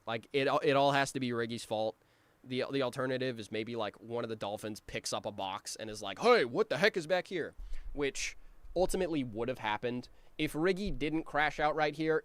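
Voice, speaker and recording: A man with a smooth, mid-range voice offers relaxed commentary on a cartoon he made, peppered with ums and restarts. Every so often he quickly acts out a character's line, and the recording is dry.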